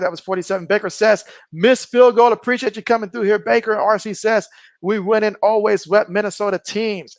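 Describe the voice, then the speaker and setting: A man's voice: high voice, dry recording. A man hosting a live sports stream, calling the game and reading viewer comments aloud in casual chat. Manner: reads viewer comments aloud, excitable on big plays. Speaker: live stream host doing play-by-play.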